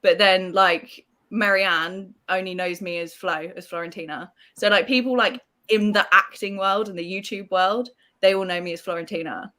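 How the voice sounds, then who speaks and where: A young woman guesting on a casual chat over a video call, relaxed and giggly. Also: mid-range voice, moderate pace, hardly any pauses. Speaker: guest, film reviewer.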